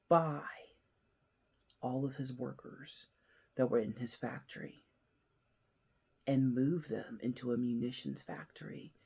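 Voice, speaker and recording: A man hosting his own commentary show, telling a story earnestly and shifting between loud emphasis and hushed, near-whispered lines. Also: mid-range voice, vocal fry, slightly rough. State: emotional, near tears. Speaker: host. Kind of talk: casual commentary.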